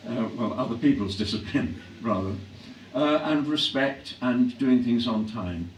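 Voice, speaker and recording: An older English man reflecting on his acting career in a live on-stage interview, clearing his throat often as his voice grows hoarse. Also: medium pitch, unhurried. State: voice growing hoarse. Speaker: actor being interviewed. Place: hall at a public event. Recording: echoey hall from a distance, faint hum.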